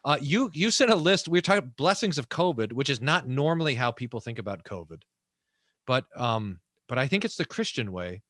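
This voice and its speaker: A man, a pastor, hosting a long-form interview, speaking with enthusiasm and many halting restarts. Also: medium pitch, sing-song, fairly bright tone, no room sound, clean studio sound. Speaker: pastor and host.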